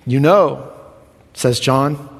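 A man preaching a sermon as pastor, swinging from soft, quiet passages to loud emphatic lines. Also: mid-range voice, extremely slow, creaky, breathy edge, big-room sound.

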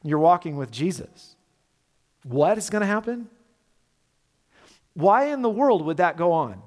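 A male pastor preaching a sermon in an animated, conversational way, full of rhetorical questions. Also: sits high, a little slow, in a large hall.

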